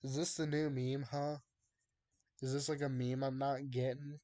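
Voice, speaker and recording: A man's voice: mid-range voice, level tone, normal speed, mellow. A young man chatting casually with his live-stream viewers, drawling and exasperated as he bounces jokes off the chat. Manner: drawling, exasperated banter with chat, laughs often.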